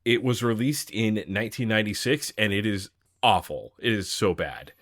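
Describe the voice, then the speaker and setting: A young adult man co-hosting a podcast, chatting with excitement and laughing often. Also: on the low side, moderate pace, no echo, clean studio sound. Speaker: podcast co-host. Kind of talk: casual podcast chat.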